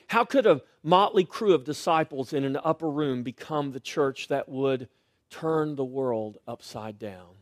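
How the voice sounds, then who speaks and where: A middle-aged male pastor preaching a sermon, swinging between loud rising lines and quiet, hushed refrains. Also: mid-range voice, measured pace, no room sound, studio quality.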